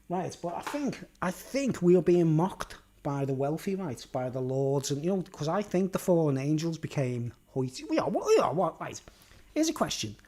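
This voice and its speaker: A man talks to his viewers in a loose, rambling vlog monologue, peppered with swearing and filler words. His voice sits a touch higher than most men's. The delivery is casual and unscripted. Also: sing-song, normal speed, a little mellow. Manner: casual, rambling and sweary, full of "like" and "you know". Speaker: YouTuber.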